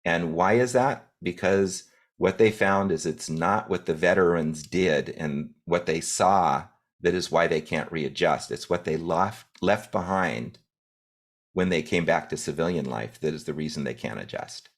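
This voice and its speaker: A man speaking as a guest to a group in a direct, measured way, with occasional restarts. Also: deep voice. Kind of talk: business talk to a group.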